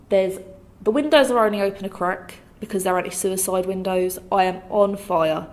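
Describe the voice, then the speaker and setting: A young woman telling her own story to camera in a lively way, acting out what other people said. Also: medium pitch, moderate pace. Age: young adult.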